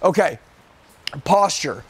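A man's voice: a little high, animated, takes it slowly, husky. A man coaching a room of sales trainees live. He talks intensely and emphatically, repeats his points, and often calls people "dude".

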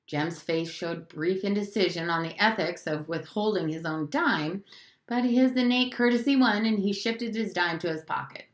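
A woman teacher reading a novel aloud in a steady, clear storytelling voice. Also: mid-range voice, normal speed. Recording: roomy echo.

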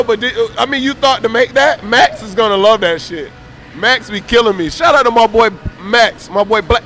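Loud, brash trash-talking man. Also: sits high. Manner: boastful, taunting, profane. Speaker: player trash-talking on a stream mic.

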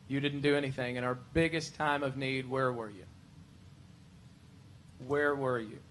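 Bright-voiced man preaching a sermon. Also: mid-range voice, fairly even intonation, a little slow, slight background noise. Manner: emphatic, shifts to loud pleading when voicing Martha; conversational, with asides and rhetorical questions. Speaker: worship pastor.

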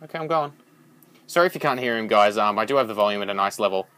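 A young man giving rambling, excitable let's-play commentary as a gaming channel host, swearing when startled. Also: lowish voice, quick pace.

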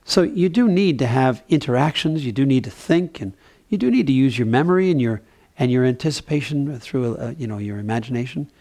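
A man giving a gentle, conversational mindfulness talk with playful asides. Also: medium pitch, expressive, brisk. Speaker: spiritual teacher.

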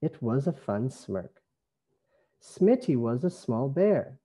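A man from Canada with a Canadian accent, an English teacher reading a phonics lesson slowly in a sing-song way. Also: medium pitch, very animated, mellow, breathy edge. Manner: slow, sing-song, stretched words.

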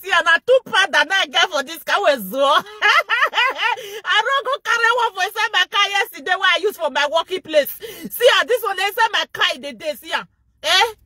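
A woman with a Nigerian accent hosting a gossip commentary vlog. She mocks loudly and keeps breaking into laughter. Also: very high voice, animated, moderate pace, dry recording. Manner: mocking, laughs loudly and often. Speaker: vlogger and show host.

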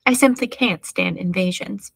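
A woman's voice: medium pitch, moderate pace, vocal fry, husky, dry recording, poor audio. A woman voicing an indignant, stern wild boar in a read-aloud storybook. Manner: huffy, stern.

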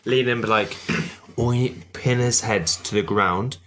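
A man's voice: lowish voice, moderate pace, fairly bright tone, slight background noise. A man playing a tabletop game, animatedly describing his own actions in the first person. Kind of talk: casual game table talk.

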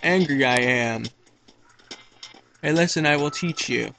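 A man voicing a smug male archer who speaks slowly and solemnly in backward sage-like phrasing over a video game. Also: fairly high pitch, gravelly, bright, forceful tone, heavily acted. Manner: slow, solemn inverted phrasing.

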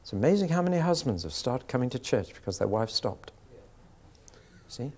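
A man delivering a sermon at an average pitch, telling stories from his ministry with dry humour. His delivery is conversational and anecdotal, and he acts out the exchanges in his stories. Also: very animated, normal speed, a little mellow. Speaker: preacher.

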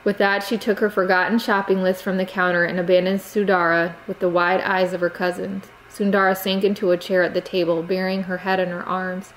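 A woman narrating an audiobook chapter in a steady, measured reading. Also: on the low side, slight background noise, low-quality recording.

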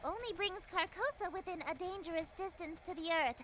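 A woman's voice: very high voice, a little fast, fairly bright tone. A woman voicing a haughty female eldritch goddess who speaks in formal, old-fashioned phrases. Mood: imperious.

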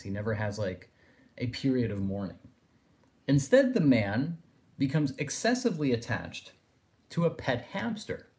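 A man's voice: mid-range voice, a little mellow. A man giving a philosophy lecture, thinking aloud and circling his points with phrases like "in a sense". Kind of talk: recorded lecture.

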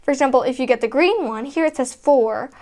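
A woman voicing little toddler girl dolls playing a board game, high and excitable, squealing when things go wrong. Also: a little fast, natural voice. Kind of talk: doll play narration.

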